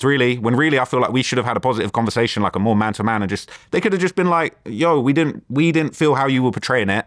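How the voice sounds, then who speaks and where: London guy rattling off a story in an interview, quick, lowish voice, dry studio sound. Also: no room sound. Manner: rambling, animated retelling with quoted back-and-forth. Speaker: interview guest.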